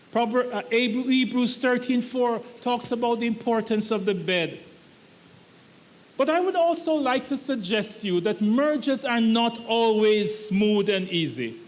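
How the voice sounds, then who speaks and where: A man with a strikingly high voice delivers a sermon in an emphatic, repeating rhythm. His words ring out with a long reverb from the church hall. He preaches as a pastor. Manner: emphatic, repetitive preaching cadence. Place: church sanctuary.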